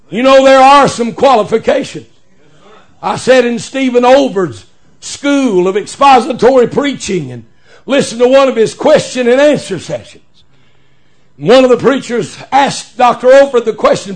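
A very high-pitched male preacher in full sermon flow. His delivery swings from hushed asides to shouted, ringing emphasis, with a folksy preaching cadence. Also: moderate pace.

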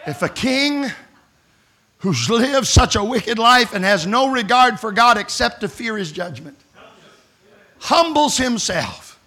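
A man preaching a revival sermon at a camp meeting, swinging from hushed pleading to shouted exclamations. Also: extremely high pitch, big pitch swings, unhurried, husky.

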